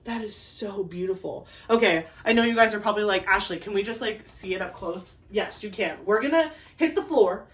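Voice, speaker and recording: A woman crafting vlogger chatting casually to camera while unboxing, gushing and excitable with lots of fillers. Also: medium pitch, fairly quick, few pauses. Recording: a bit distant from the mic, faint ambient noise.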